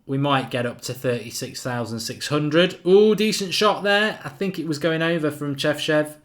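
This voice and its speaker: A man's voice: a little high, steady tone, moderate pace, fairly bright tone. A man hosting a live football watchalong, chatting casually and reading out viewer comments. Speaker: watchalong host.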